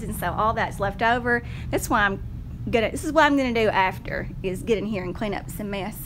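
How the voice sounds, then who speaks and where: A woman's voice: on the high side, a bit bright, a little hiss or hum. A woman, a teacher chatting casually and a little nervously on a livestream from her classroom, greeting viewers by name.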